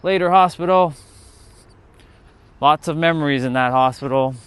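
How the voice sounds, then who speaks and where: A man with a Canadian accent hosts a livestream outdoors on his phone, walking down a city street. His voice is fairly high and clean-toned at a moderate pace, and he rambles and thinks aloud as he chats.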